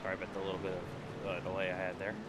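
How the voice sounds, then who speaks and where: A man with a congested, stuffed-up voice giving casual live commentary on a sim race as the stream host, relaxed and chatty with frequent fillers. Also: deep voice, rapid-fire, heavy background noise.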